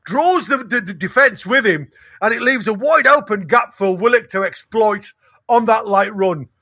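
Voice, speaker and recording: A man giving excited, partisan live match commentary, his voice going hoarse. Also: high voice, no echo, clean studio sound. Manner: excitable, rapid, restarts sentences. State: losing his voice. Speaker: fan commentator.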